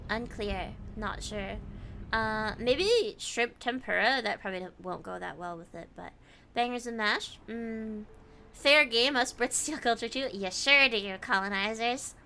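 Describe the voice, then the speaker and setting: A woman's voice: medium pitch, sharp tone. A woman streamer chatting casually while gaming, reading viewer comments aloud and answering them.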